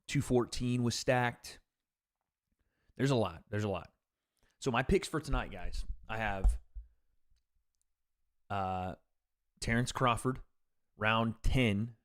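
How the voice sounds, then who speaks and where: A man's voice: lowish voice, fairly bright tone. Joking man streaming fight commentary. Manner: joking, rambling, quick reactions. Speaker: livestream host reading chat. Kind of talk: casual live commentary on fights.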